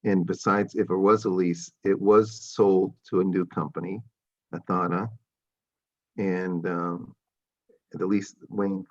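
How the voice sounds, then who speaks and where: A man's voice: low voice, flat delivery, slow, dull audio. A man speaking as a landlord at a public hearing over a video call, defensive and repetitive. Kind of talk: public meeting testimony.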